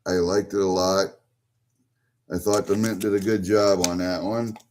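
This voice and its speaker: Low, mellow man rambling over an unboxing. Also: level tone, normal speed. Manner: muttering to himself, rambling. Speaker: vlogger opening packages. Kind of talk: casual unboxing commentary.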